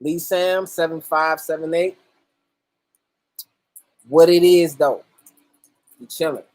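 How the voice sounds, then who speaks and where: A man's voice: on the high side, steady tone, takes it slowly, a little mellow, no echo. A man hosting a livestream in casual, profane chat, greeting viewers by name as they join. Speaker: livestream host.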